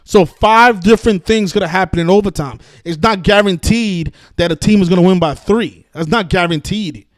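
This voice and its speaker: A man's voice: sits high, moderate pace, hardly any pauses, dry recording, studio quality. A man hosting a live stream, ranting combatively at trolls, cursing and restarting his sentences. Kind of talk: heated live-stream rant.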